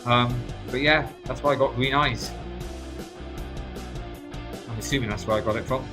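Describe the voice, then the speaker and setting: A man's voice: medium pitch, fairly even intonation, normal speed, over music. Chatty English man greeting viewers. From England. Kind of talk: casual livestream chat.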